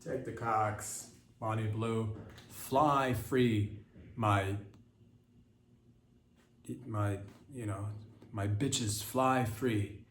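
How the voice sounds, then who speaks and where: A man's voice: lowish voice, fairly even intonation, extremely slow, long pauses, slight background noise. A man hosting a podcast, rambling through a crude comedic monologue full of stumbling restarts. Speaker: podcast host. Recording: roomy echo.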